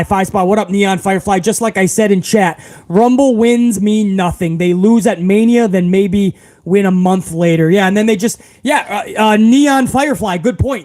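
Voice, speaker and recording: High-voiced man ranting on a live stream. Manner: profane, animated, calls viewers bro. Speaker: live stream host reading chat. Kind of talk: casual live stream rant.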